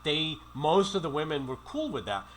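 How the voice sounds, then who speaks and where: A man's voice: on the high side, big pitch swings, moderate pace, fairly bright tone, slight background noise, poor audio. A middle-aged man telling rambling travel stories in a casual monologue, acting out quoted dialogue. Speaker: travel vlogger.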